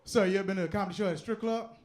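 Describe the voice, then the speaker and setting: A man's voice: high-pitched, fairly even intonation, rapid-fire. A man performing a brash stand-up routine on a comedy club stage.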